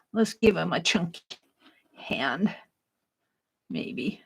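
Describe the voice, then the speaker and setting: A woman hosting a casual craft livestream, chatting and laughing at her own drawing as she works, sometimes dropping to a soft murmur. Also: on the high side, animated, takes it slowly, pauses often, low-quality recording.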